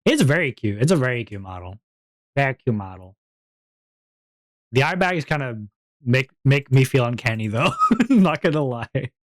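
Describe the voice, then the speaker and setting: A man streaming and chatting casually, rambling and breaking into high-pitched giggles. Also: big pitch swings, normal speed, pauses often, dry recording, clean studio sound. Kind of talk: casual chat.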